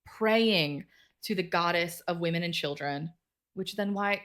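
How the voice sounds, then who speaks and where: A woman co-hosting a book club podcast, chattily retelling a novel's plot and quickly acting out the characters' lines. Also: fairly low pitch, a bit bright.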